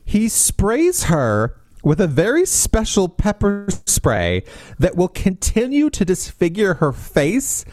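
A man's voice: fairly high pitch, darkish tone, no room sound, clean studio sound. A man co-hosting a podcast, recapping a book plot in a sarcastic, exasperated way. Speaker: podcast co-host. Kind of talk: casual book recap chat.

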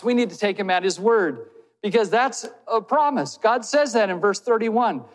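A man's voice: sits high, expressive, moderate pace. Earnest preaching man in a reverberant hall. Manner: earnest, asks the listeners direct questions. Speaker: pastor. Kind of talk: sermon. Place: church hall.

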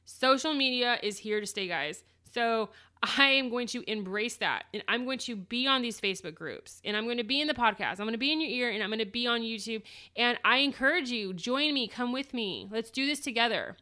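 A woman's voice: fairly high pitch, animated, brisk, bright, forceful tone. A woman hosting her own podcast, telling her story in a chatty, rambling way with restarts and quoted dialogue. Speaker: podcast host. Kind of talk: casual solo podcast monologue.

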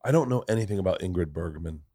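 A man hosting a podcast in casual chat, loud, joking and full of swearing. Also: low voice, animated, racing. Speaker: podcast host.

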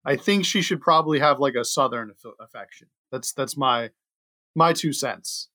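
A man's voice: mid-range voice, normal speed, bright, forceful tone, dry recording, studio quality. A man playing in a tabletop role-playing game, talking casually and a little hesitantly. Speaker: player. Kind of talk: casual chat.

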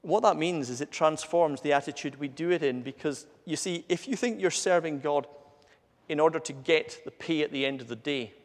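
A man's voice: on the high side, moderate pace. A man preaching an earnest, conversational sermon, asking his listeners rhetorical questions. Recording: long hall reverb.

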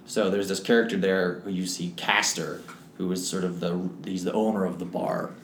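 Vocal fry colors this man's low, level voice as he talks at an ordinary pace. Co-hosting a film club podcast, he rambles enthusiastically through a movie recap in a casual chat, recorded in an echoey space with faint noise.

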